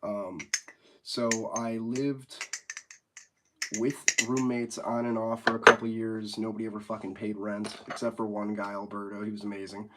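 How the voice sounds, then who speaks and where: A young man with a slightly low, congested voice chats with viewers on a casual livestream. He rambles in a laid-back way and swears freely. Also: flat delivery, normal speed, very noisy. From United States. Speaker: livestream host.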